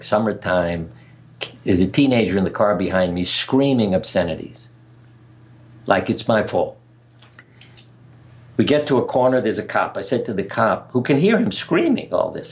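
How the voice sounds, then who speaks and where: Older man, deep voice, earnest storyteller, radio interview guest. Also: a little mellow. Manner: earnest, anecdotal, chuckles at his own stories. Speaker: guest speaker.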